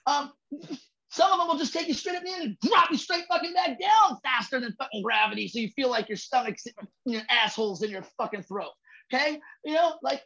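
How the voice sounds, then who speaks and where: Man, comedian guest, podcast chat, cursing, emphatic rhythmic delivery, sudden shouts, muffled lo-fi audio. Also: extremely high pitch, animated, brisk, gravelly. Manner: profane, emphatic, rhythmic storytelling.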